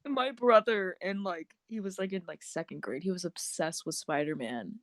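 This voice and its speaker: A young woman chatting on a casual podcast with friends, telling a quick anecdote in an amused way. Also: lowish voice, no room sound, studio quality. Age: young adult. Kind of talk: casual chat.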